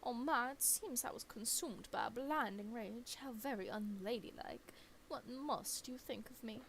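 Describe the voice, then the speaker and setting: A woman's voice: a little high, a little slow, a bit bright, slight background noise. A woman voicing a dramatic little female dog, genteel and theatrical, flying into an outraged fit in a game. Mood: prim.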